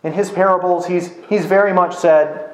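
A male pastor delivers a sermon in a casual, conversational way, often tossing in "right?" to check in with listeners. His voice sits a little high for a man. The sound carries a noticeable room echo. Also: fairly even intonation, normal speed. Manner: conversational, with frequent "right?" tag questions. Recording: echoey room.

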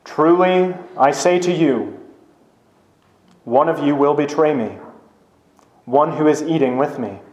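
A man reading aloud the lines of a solemn male teacher, slow and weighty, in a lower voice. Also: a little mellow, muffled recording. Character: solemn grave male teacher foretelling betrayal. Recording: roomy echo.

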